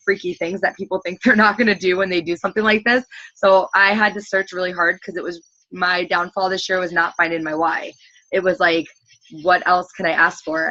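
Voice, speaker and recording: A woman's voice: fairly low pitch, sharp tone, dry recording, dull audio. A woman in her thirties leading a team call, gushing and rambling with lots of "like". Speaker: team leader hosting a group call. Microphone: computer call audio.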